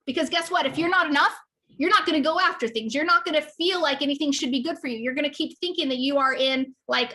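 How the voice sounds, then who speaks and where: A woman speaks with a high, bright, ringing voice. She coaches her listeners with fervent emphasis, stacking repetitions and checking in with a quick "okay?" as she drives each point home. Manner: passionate, emphatic, repeats "okay?". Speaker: business coach. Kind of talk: motivational talk to camera.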